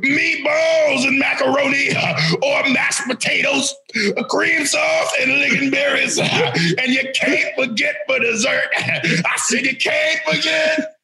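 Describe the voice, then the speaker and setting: A man co-hosting a podcast, hyping his friend in a loud, emphatic, drawn-out delivery. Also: very high-pitched, fairly even intonation, gravelly, a little hiss or hum, low-quality recording. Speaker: podcast co-host. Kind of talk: casual chat.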